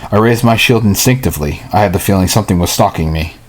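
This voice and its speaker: A man reads a novel aloud at home, and his voice sits low and husky. He reads in a halting way, stumbling and going back over whole lines before he carries on. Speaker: hobby reader. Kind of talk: reading a novel aloud, with casual asides.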